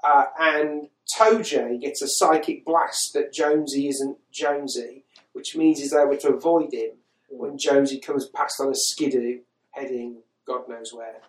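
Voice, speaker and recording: A man's voice: medium pitch, steady tone, a little slow, roomy sound, rough recording. A man hosting a podcast, recapping a film in casual chat with exasperated, sweary incredulity. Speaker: podcast host.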